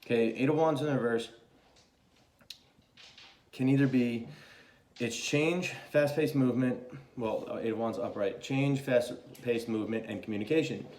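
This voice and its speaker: A man's voice: medium pitch, moderate pace, pauses often, a little mellow, reverberant, slight background noise. A young man giving a casual, chatty tarot reading, swearing freely and talking loosely. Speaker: tarot reader.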